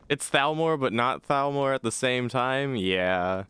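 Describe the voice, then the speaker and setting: Man, gaming host, let's play commentary, rambling, profane, lively pitch, dry sound. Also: unhurried, few pauses, smooth, no room sound.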